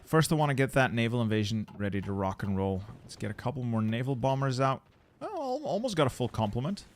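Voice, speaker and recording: A young adult man with a mid-pitched voice, live-streaming a strategy game. He talks casually to himself as he plans, stalling and repeating words before he commits to a move. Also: quick pace. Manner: thinking aloud, relaxed, repeats words while planning.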